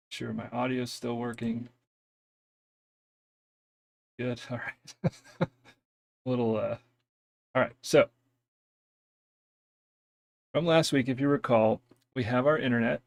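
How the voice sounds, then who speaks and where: A man with a gravelly edge in his voice hosts a casual networking live stream from his home setup. He talks in a hesitant, loose way, pausing with fillers and making self-deprecating asides about his audio. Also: mid-range voice. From US East Coast.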